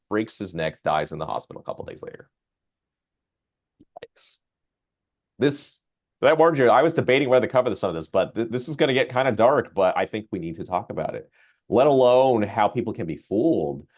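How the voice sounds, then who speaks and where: A man, a physician, giving a grand rounds lecture in a conversational, animated storytelling way. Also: lowish voice, brisk, dull audio.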